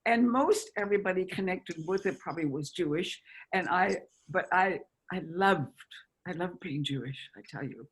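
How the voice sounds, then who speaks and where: A woman in her nineties, an actress reminiscing in a chatty, halting way over a video call. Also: on the low side, slightly rough. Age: 90s. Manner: chatty, halting with restarts and laughter. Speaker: actress guest. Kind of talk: casual interview reminiscing.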